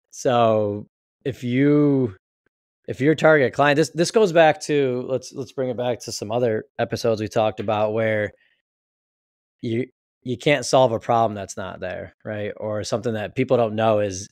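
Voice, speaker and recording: A man's voice: lowish voice, darkish tone, no echo. A man co-hosting a business podcast, laid-back with dry humor, more of a listener than a talker. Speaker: podcast co-host, chief operating officer. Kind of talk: casual podcast chat.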